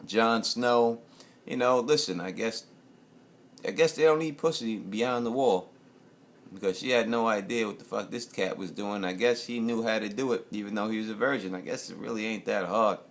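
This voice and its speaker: A man's voice: fairly low pitch, moderate pace. An American man giving a loose, profane, rambling casual review of a TV episode. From United States. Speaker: TV show reviewer.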